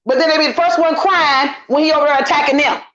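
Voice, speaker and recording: Emphatic high-voiced middle-aged woman, lo-fi. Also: steady tone, fast talker, fairly bright tone. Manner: emphatic, repetitive, indignant venting. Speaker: guest commentator. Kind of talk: casual online commentary chat. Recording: lo-fi dull audio.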